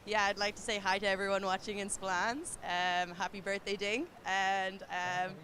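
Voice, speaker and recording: A woman's voice: medium pitch, level tone, normal speed, fairly bright tone, slight background noise. A young woman surfer giving a casual beachside interview, giggling and saying "like" often. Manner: giggly, says "like" a lot. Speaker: competing surfer. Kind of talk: casual post-heat interview. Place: beach outdoors.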